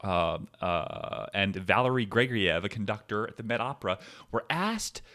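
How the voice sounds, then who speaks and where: Podcast host, male, sarcastic profane ranter, very lively pitch swings. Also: normal speed. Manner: profane, sarcastic, swings between low mutter and loud outbursts. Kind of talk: ranting commentary.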